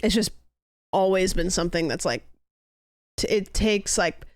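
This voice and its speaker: A woman's voice: on the low side, unhurried, no room sound. A young woman streamer in casual chat, rambling and musing aloud with lots of "like" fillers.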